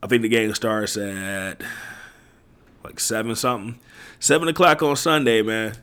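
A man hosting a sports podcast, hyping up the listeners in a slangy, excitable way and tossing "man" and "y'all" into nearly every line. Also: fairly low pitch, unhurried, long pauses. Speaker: podcast host. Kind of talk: hyped-up solo podcast intro.

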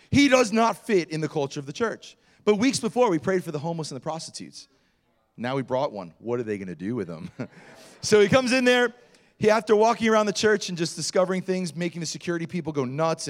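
A middle-aged pastor tells a story from his own life during a sermon. His voice sits a little high for a man. He acts out each quoted line, jumping from loud and excited to hushed and low. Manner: animated storyteller acting out quotes.

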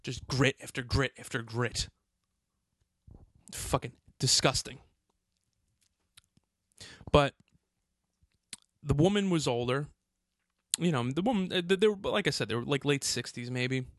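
A man's voice: mid-range voice, expressive, a little slow, long pauses, fairly bright tone, dry recording. A man who works as a hotel doorman tells a story on a podcast, agitated and swearing, often restarting his sentences. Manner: profane, heated, agitated retelling with many restarts. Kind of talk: casual storytelling.

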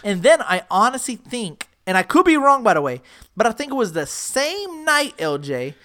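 A woman podcast host tells a story over casual chat. Her voice rises and falls in a lively way, and her talk is profane and full of repeats. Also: a little high, normal speed. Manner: animated, profane, repeats herself.

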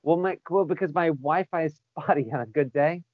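A man swapping old bar stories in casual chat, cursing freely and breaking into laughter as he goes. His voice sits a little high for a man. The audio is dull and dry, like a remote call. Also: fairly quick, no room sound. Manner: profane, laughing storyteller. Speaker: former bar back.

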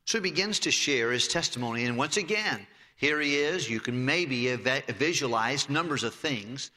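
A man's voice: mid-range voice, expressive, moderate pace, bright, forceful tone, long reverb tail. A man preaching a sermon, retelling scripture vividly and reading in old-style biblical phrasing.

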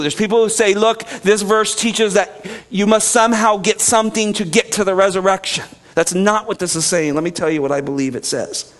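A man with a high-pitched voice preaches a sermon. He is earnest and swings between quiet, slow passages and loud, emphatic ones. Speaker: pastor.

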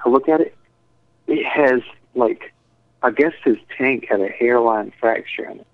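A man's voice: mid-range voice, a little slow, dry recording. Slangy man on a tinny line. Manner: rambling, profane, says "dude" and "like" a lot. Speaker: storyteller. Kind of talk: casual chat. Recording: tinny phone-like sound, dry.

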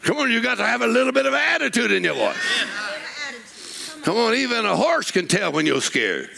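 A man preaching a sermon in a church, telling folksy stories and building up to shouted declarations. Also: very high voice, sing-song, a little fast, creaky, a crowd in the background. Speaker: pastor. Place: church sanctuary.

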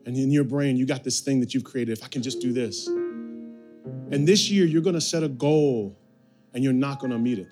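A pastor preaching a sermon, repeating phrases and calling the congregation to respond. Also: male voice, medium pitch, moderate pace, mellow, soft background music. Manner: repetitive, building preaching with call-and-response. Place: church sanctuary.

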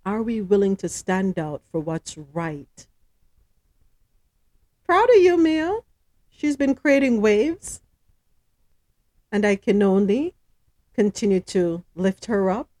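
A woman's voice: mid-range voice, animated, takes it slowly, dark tone, dry recording. A woman hosting a news podcast, reading stories aloud and adding her own chatty comments and questions. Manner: chatty, asks co-hosts questions, stumbles over names.

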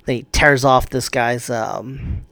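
A man's voice: mid-range voice, steady tone, takes it slowly, fairly bright tone, no echo. A man casually retelling a kung fu movie plot, rambling and swearing, acting out the characters' lines. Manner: rambling, profane, acts out quotes.

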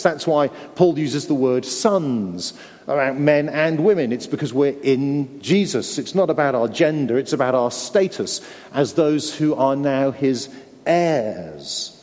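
A man's voice: mid-range voice, animated, slow, a little mellow. Earnest preacher, man, hall reverb. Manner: earnest, with frequent stumbling repeats and tag questions. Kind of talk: sermon.

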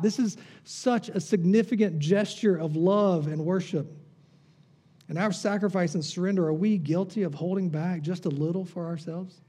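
A man preaching a sermon, full of rhetorical questions, swinging from emphatic peaks down to low, quiet lines. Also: moderate pace, husky. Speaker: pastor.

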